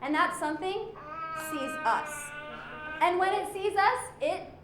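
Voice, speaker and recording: A high-pitched woman leads a children's animal talk, playful and constantly quizzing the audience. Her voice rings in an echoey room with faint background noise. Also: measured pace. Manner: lively, playful, asks the audience questions. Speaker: zoo educator.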